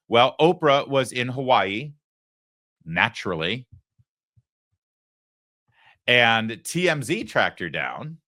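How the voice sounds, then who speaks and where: A man's voice: medium pitch, big pitch swings, slow, long pauses, sharp tone. A middle-aged man hosting a political commentary show, talking sarcastically with mocking asides. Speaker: host.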